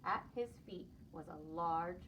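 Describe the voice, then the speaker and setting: A woman preschool teacher reading a picture book aloud to children, expressive and lively. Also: lowish voice, slow pace, far from the mic, lo-fi sound, slight background noise.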